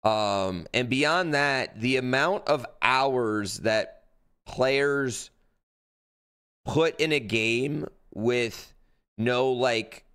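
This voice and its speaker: Pitched in the middle with a fairly bright tone, a man reacts on a live stream. His casual commentary is blunt and meandering, packed with filler words and curses.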